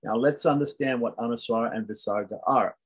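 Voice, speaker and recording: A man teaches beginners how to pronounce Sanskrit letters. His voice is husky and sits at a middle pitch, and he patiently says each sound several times over so learners can catch it. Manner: patient, repeats sounds slowly for demonstration. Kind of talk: beginner language lesson.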